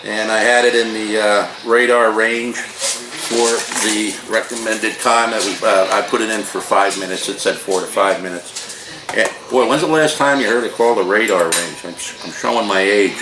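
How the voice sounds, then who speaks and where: Man in his sixties, low voice, folksy rambling home review, echoey kitchen sound. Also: normal speed. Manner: folksy, digressive, joking storyteller. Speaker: food reviewer. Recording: roomy echo, faint noise.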